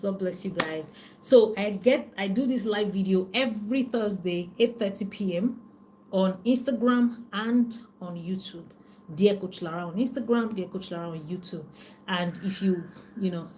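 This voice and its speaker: A middle-aged Nigerian woman coaching in a chatty, animated live stream, reading out viewer comments. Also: fairly low pitch, slight background noise. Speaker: life and business coach. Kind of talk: casual live-stream talk.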